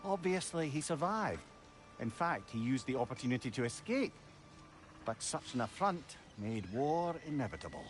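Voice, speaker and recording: An actor playing a wise, talkative old male adviser who tells tales in a lively, dry-witted way. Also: mid-range voice, normal speed, soft background music, natural voice. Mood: storytelling. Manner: lively storytelling, dry wit.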